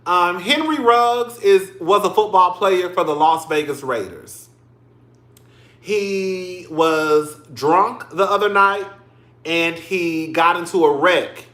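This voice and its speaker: A man with a high, bright voice talks through his livestream at an unhurried pace. He is chatty and emotional, addressing his listeners as "girl" and "y'all". The sound rings a little, like a small bare room. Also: echoey room. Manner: emotional, tearing up on stream. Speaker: livestream commentary host. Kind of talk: casual livestream commentary.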